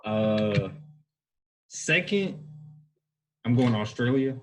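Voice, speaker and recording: A man's voice: mid-range voice, sing-song, normal speed, long pauses, slight background noise, poor audio. A young man co-hosting a podcast in casual chat, rambling and hedging as he goes. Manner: rambling, hedging, self-correcting. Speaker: podcast co-host.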